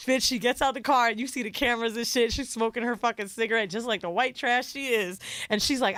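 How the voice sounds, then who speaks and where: Speaking a little fast with a fairly high pitch, a young woman co-hosting a podcast retells a reality show in casual talk. She's an animated storyteller who swears often and acts out quotes. There's no room sound.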